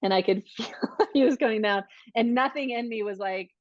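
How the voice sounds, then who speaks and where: A woman's voice: on the high side, fairly quick, no echo. A woman who is a podcast guest, telling a personal story in casual conversation and acting out the dialogue of the people in it. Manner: animated, acts out quoted dialogue. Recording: dull, dry podcast audio.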